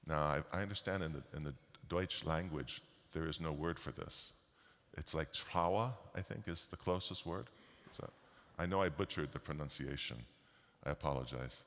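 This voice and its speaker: A man giving a slow, deliberate storytelling keynote talk at a conference. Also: extremely low pitch, a bit bright. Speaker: keynote speaker. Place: large conference hall. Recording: long hall reverb.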